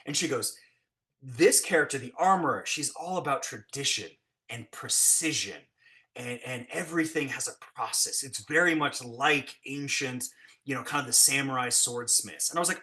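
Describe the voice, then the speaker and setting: This is a man chatting through behind-the-scenes stories from his work as a special effects blacksmith. His voice sits a little high and sounds bright and forward. He keeps things lively, and he performs the quotes with big leaps in pitch. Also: normal speed. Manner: animated, acts out quotes with big pitch jumps. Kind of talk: casual storytelling.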